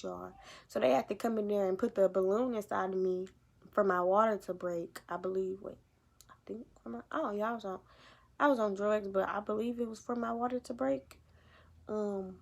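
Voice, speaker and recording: A young woman chats to her viewers in a relaxed, rambling vlog. Her talk is full of slang and asides to y'all. Her voice sits mid-range with a gravelly fry at the ends of lines. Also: medium pitch. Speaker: vlogger. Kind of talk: casual storytelling to camera.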